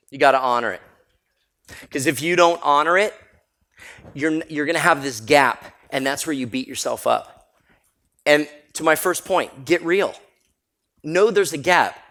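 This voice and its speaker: Energetic man speaking at a seminar. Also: fairly high pitch. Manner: energetic, storytelling, laughs often. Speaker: motivational speaker. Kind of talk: live seminar talk. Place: seminar room with audience.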